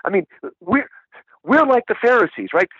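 A man guesting on a book discussion talks with great enthusiasm, his high, husky voice very animated at normal speed and fairly bright. He fires off rhetorical questions and keeps saying "right?". The lo-fi recording is dull and dry, with no echo.

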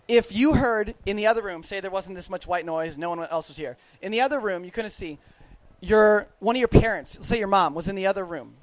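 Very high-voiced man giving a faith talk. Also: a little fast, dry recording, rough recording. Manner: casual, chatty, laughs often, questions the crowd. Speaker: youth minister. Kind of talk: interactive faith talk to an audience.

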